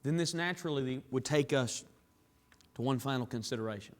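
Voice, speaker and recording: A man preaching a sermon in a church, dropping to hushed tones and building to raised, emphatic climaxes. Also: medium pitch, brisk. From Southern US. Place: church sanctuary. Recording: long reverb of a large hall.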